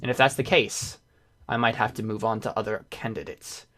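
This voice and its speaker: A man's voice: on the low side, a little fast, a bit bright, natural voice. A man voicing a pushy, scheming recruiter in a tabletop game, pressing for an answer. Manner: pressing, insistent.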